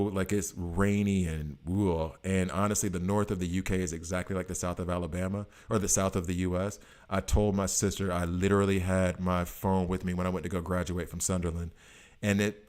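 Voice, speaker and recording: Low and somewhat dark in tone, this voice belongs to an American man in his late thirties. He's casually chatting with viewers on a live stream, wandering from point to point in slangy talk.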